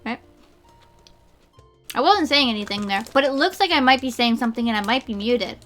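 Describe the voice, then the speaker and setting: A woman's voice: on the high side, fairly quick, a bit bright, soft background music. A woman streamer chatting casually and rambling with lots of fillers while snacking. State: eating while talking. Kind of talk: casual chat.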